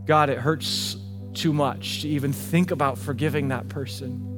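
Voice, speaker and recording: A male pastor preaching a sermon, swinging between hushed, intimate passages and emphatic, rising declarations. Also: mid-range voice, steady tone, moderate pace. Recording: long hall reverb with faint music.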